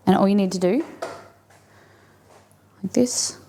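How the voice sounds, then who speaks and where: A woman's voice: mid-range voice, takes it slowly, warm tone, a little hiss or hum. A woman hosting a live cooking stream, chatting casually and thinking aloud as she works in a home kitchen.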